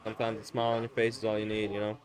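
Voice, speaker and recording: A man doing casual live commentary on a fighting game, loud and teasing, swearing freely. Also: lowish voice, monotone, very fast, a crowd in the background. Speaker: esports commentator.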